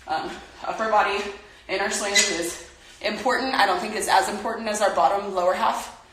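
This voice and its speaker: A woman's voice: mid-range voice, fairly even intonation, normal speed, fairly bright tone. A young woman leading a casual home workout, chatty and out of breath as she exercises while talking. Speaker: workout instructor. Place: home room. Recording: very echoey room, from a distance.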